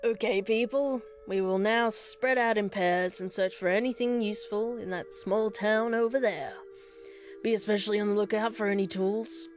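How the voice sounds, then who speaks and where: A woman doing a gruff man leading a survival camp, barking orders in a game with a mocking edge, his voice set at an ordinary middle pitch. soft music hums faintly underneath. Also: fairly even intonation, normal speed, natural voice. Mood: commanding. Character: gruff male camp leader giving orders.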